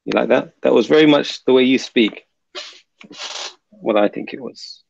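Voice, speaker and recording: A man hosts a casual livestream, chatting and muttering to himself while he reads comments and sets up links. His medium-pitched voice has vocal fry and a moderate pace. The sound is dull, lo-fi, and dry.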